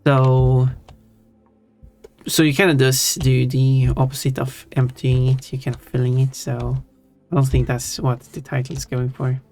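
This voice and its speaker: Live streamer, Swedish accent, mid pitch, slow and meandering, faint music underneath. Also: flat delivery, a little mellow. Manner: rambling, thinking aloud, answering chat. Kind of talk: casual live-stream chat. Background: faint background music.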